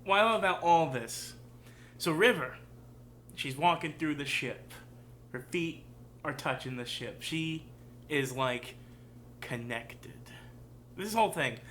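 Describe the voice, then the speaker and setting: A man's voice: fairly high pitch, expressive, slow pace, pauses often, fairly bright tone, slight background noise. A man hosting a casual reaction show who rambles through his commentary with many fillers. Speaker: show host.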